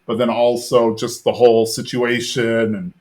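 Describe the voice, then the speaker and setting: Podcast host, man, mid-pitched, rambling casual recap with lots of filler, dips into character lines. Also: level tone, normal speed, darkish tone. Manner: rambling retelling full of "like" fillers, lightly mimicking characters' lines.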